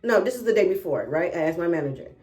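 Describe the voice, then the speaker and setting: Young woman, lowish voice, casual storyteller who repeats herself and checks in with "y'all". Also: expressive, fast, darkish tone. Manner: chatty, repeats herself, says "right?" and "y'all" often. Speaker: vlogger.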